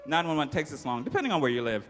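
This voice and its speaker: A man's voice: on the high side, rapid-fire, very noisy. Playful man telling a children's story. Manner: playful, animated, audience-interactive. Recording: long hall reverb.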